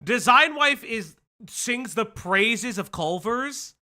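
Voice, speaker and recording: High-voiced, bright, animated male streamer. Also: slow. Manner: animated, laughing, teasing questions. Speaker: stream host. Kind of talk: casual live-stream commentary.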